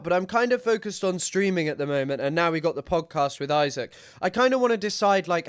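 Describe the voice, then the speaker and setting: Casting: young man from Southwest England, streamer, rambling and jokey, with a clear, smooth voice, dry close sound. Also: a little high, a bit bright, dry recording. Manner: joking, rambling. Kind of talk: casual stream commentary.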